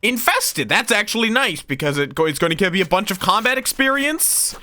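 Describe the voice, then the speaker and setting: A man's voice: high-pitched, very animated, a little fast, bright, forceful tone, a little hiss or hum. A man casually commentating his gameplay on a live stream, swearing now and then and talking to his chat.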